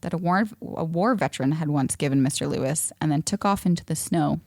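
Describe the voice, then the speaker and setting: Low-voiced woman telling a story. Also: brisk, darkish tone, dry recording, clean studio sound. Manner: laughs often, playful asides. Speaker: podcast co-host. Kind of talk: casual storytelling chat.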